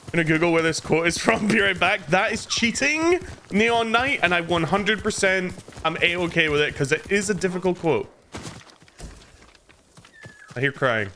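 A man's voice: high voice, lively intonation, moderate pace, sharp tone, slight background noise. A man livestreaming a game, chatting casually and jokingly and greeting viewers by name. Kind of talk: casual gameplay commentary.

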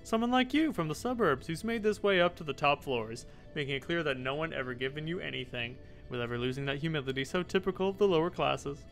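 Spoiled young office heir gone earnest, read by a man; wordy, a touch higher than usual. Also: fast, vocal fry, few pauses, soft background music. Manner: earnest, long-winded confession. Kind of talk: game dialogue read aloud.

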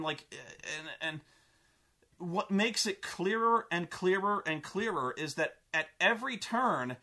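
A young man ranting casually about a film, excitable and profane, acting out scenes in exaggerated voices. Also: high voice. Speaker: vlogger reviewing a film.

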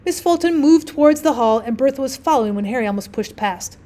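A woman teacher narrating a classic short story as an audiobook, measured and expressive. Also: high voice.

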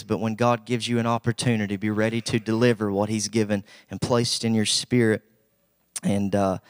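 A young male preacher with an Appalachian accent and a low voice, recorded dry and close. He talks in a folksy, humble way before rising into emphatic bursts. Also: clean tone, no room sound. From Southwest Virginia. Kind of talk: sermon.

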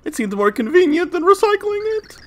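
A fussy, flustered character from a game who regrets giving away an item, read aloud by a streamer. The voice swings wildly up and down in pitch, full of exasperation. It sounds like a quick, half-acted dialogue reading. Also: very animated, a bit bright, full character voice. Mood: exasperated.

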